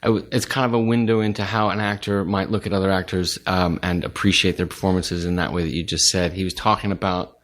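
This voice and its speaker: Man, forties, lowish voice, podcast guest, casual, halting, restarts. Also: fairly even intonation, a bit bright. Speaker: podcast guest, film director. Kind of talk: casual conversation.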